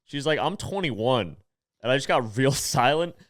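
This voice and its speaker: A man in his late twenties telling stand-up stories in casual podcast chat, acting out quotes with lively energy. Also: medium pitch, moderate pace, dry recording, studio quality. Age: 20s. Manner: animated storytelling with acted-out quotes. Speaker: comedian and podcast co-host.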